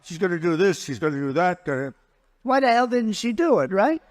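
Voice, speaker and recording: At a campaign rally, a man speaking as a political candidate is blunt and mocking, repeating his points and tossing boastful asides to the crowd. His voice sits high, expressive and a little fast.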